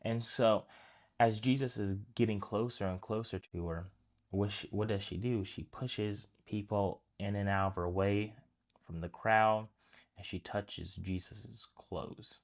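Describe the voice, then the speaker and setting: A man's voice: on the low side, fairly even intonation, unhurried. A man giving a casual, conversational sermon, retelling a story and talking straight to his listeners. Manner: conversational, addresses listeners as guys, restarts phrases. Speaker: preacher.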